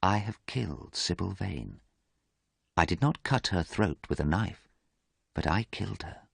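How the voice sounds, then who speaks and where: A man voicing a troubled, emotional young man in a story read aloud, speaking earnestly and sometimes in a hushed voice. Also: medium pitch, very animated, normal speed, husky, no echo, voice pushed up.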